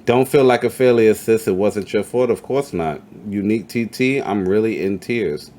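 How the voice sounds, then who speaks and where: A man hosting a casual interview, swearing freely and hyping up his guest while he reads chat comments out loud. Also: fairly low pitch, moderate pace. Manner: profane, hype, reads chat comments aloud. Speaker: podcast host. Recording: faint background noise.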